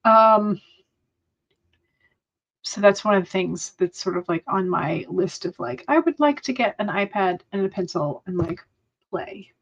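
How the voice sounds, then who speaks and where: A woman's voice: medium pitch, measured pace, vocal fry, pauses often. A young woman hosting a writing livestream, chatting casually with many fillers and small laughs. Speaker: writing sprint livestream host. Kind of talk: casual chat to live viewers. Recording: dull lo-fi sound.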